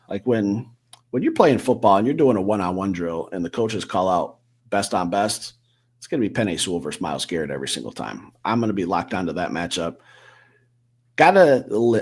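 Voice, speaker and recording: A man's voice: deep voice, slightly rough. A man co-hosting a casual sports podcast, rambling through football predictions with a few self-corrections. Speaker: co-host.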